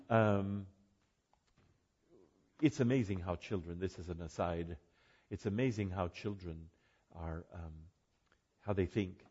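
A man's voice: low voice, steady tone, measured pace, long pauses, a little mellow, slightly rough, highs cut off. An older man giving an informal talk to a group, rambling with asides and self-corrections. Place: room with an audience.

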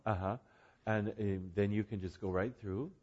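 A man's voice: fairly low pitch, fairly even intonation, moderate pace, a little mellow, dull audio. An older man giving an informal talk to a group, rambling with asides and self-corrections. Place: room with an audience.

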